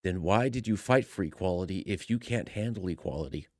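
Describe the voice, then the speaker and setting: A man's voice: deep voice, animated, a little fast, no echo, studio quality. A man hosting reaction commentary, speaking in a sarcastic, mocking way. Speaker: commentary host.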